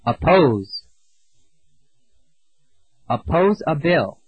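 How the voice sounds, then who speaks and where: A man with a slightly high, husky voice narrates a scripted English lesson, reading words and sentences slowly and clearly so learners can repeat them. His drilling is measured and deliberate, with pauses and big pitch swings. The sound is dry, with no echo, and a little dull, like an old lo-fi lesson tape.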